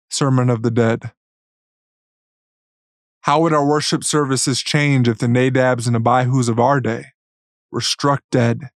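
A man giving a solemn, measured devotional reading in an earnest tone. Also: medium pitch, no echo, clean studio sound. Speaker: Christian writer.

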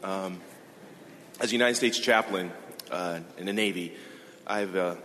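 A man's voice: deep voice, measured pace, fairly bright tone. A man who has a cold, serving as a Navy chaplain, speaking hesitantly with fillers. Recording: reverberant hall with faint noise.

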